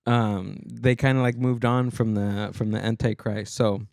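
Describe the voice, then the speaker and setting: A man's voice: lowish voice, steady tone, unhurried, gravelly, a little mellow, dry recording, studio quality. A man co-hosting a comedy podcast, chatting casually and rambling with many restarts and trailing-off sentences. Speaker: podcast co-host.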